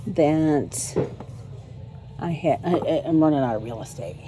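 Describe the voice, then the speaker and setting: A woman's voice: low-pitched, expressive, unhurried, over music. A woman vlogging as she browses a thrift store, telling a rambling story with many ums and restarts, filming on a handheld phone.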